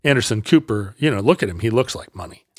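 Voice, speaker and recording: A man's voice: fairly low pitch, expressive, quick pace, no room sound, studio quality. A man casually telling a history story on a podcast, rambling and correcting himself as he goes. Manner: rambling, self-correcting, laughs easily, tries funny voices.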